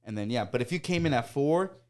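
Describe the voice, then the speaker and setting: A man talks quickly in a relaxed, casual chat, racing through stories about old coworkers. He slips into loud, high-pitched impressions of the people he describes, swears freely and laughs along. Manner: animated storyteller, acts out coworkers in loud high voices, swears a lot, laughs often. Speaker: podcast host.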